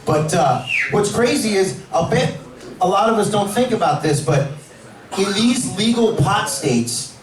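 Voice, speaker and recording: A man performing a stand-up comedy set in a club, brash, profane and energetic. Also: high-pitched, a little hiss or hum. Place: cannabis club stage. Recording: echoey club from far off, crowd.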